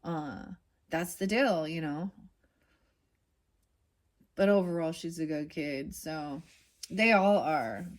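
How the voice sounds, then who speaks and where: A woman's voice: sits low, slow pace, long pauses. A middle-aged woman, a mother, chatting casually as she pulls and reads cards, rambling and saying "dude" and "you know" often. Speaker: tarot card reader. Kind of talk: casual card-reading chat.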